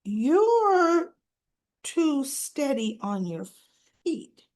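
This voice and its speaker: A woman voicing a young woman nurse who turns from excited to hurt, talking in an emotional, pleading way. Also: sits high, very slow, pitched above the performer's own voice, full character voice. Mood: suspicious.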